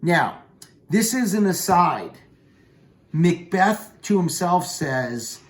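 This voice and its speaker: Guy teaching a play, bit higher voice, reads the lines slow and dramatic then goes casual slangy. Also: sing-song. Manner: reads verse slowly and expressively, then paraphrases in casual slang. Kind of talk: lecture reading and explaining a play.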